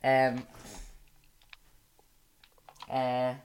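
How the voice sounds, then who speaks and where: A woman with a Dublin accent chats casually as a podcast co-host. Her voice sits low, and she talks loosely with plenty of fillers. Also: completely flat delivery, very slow, a little mellow, a little hiss or hum. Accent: Dublin Irish. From Dublin, Ireland. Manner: chatty, with many fillers and playful accent attempts. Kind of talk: casual chat.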